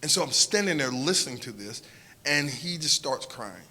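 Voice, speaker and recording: Southern US man, earnest storyteller, repeats himself, sharp forceful tone, long hall reverb. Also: mid-range voice, animated, moderate pace. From Southern United States. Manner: earnest, repeats and restarts phrases, swings between hushed and loud. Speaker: speaker telling a personal story. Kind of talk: emotional personal storytelling to an audience.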